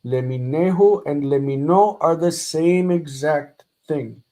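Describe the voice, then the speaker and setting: Slow, patient male grammar teacher. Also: fairly high pitch, warm tone, low-quality recording. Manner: slow, patient explaining with repeated examples. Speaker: Hebrew teacher. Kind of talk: live grammar lesson.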